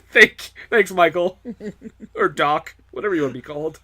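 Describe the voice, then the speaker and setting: A man's voice: fairly high pitch, normal speed, fairly bright tone, slightly rough. A man co-hosting a casual podcast chat, laughing often between lines. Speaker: podcast co-host.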